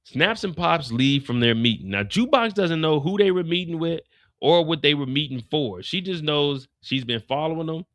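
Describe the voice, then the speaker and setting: A man's voice: a little high, moderate pace. A man hosting a live after show, recapping an episode casually and acting out the characters' lines as he goes. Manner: animated storyteller, acts out characters' lines.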